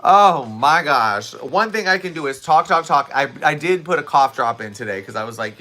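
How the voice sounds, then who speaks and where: Speaking into a close, camera-side streaming mic, this fitness instructor from Southwest Florida chats energetically with his live-stream audience, reacting to their comments and breaking into quick laughs. His voice sits a little high, bright and forward, with a faint scratchy rasp worn in by overuse. Soft background music runs underneath.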